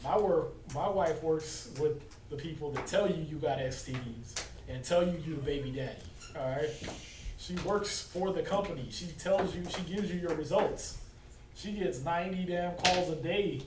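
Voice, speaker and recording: A man leads a loose Bible class, cracking jokes and laughing as he preaches. His voice sits high for a man, and it sounds roomy, picked up from across the room with a noisy hiss behind it. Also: moderate pace. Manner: joking, laughing often, preachy asides. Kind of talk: casual Bible teaching. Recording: roomy distant recording with noise.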